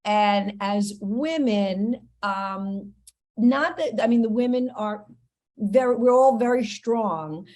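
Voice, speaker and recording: A woman's voice: medium pitch, a little mellow. New lady hosting a comedy podcast, chatty, jokes at herself as she goes. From New York, USA. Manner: chatty, self-mocking, quick asides. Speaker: podcast host. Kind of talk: casual podcast chat and host-read ads.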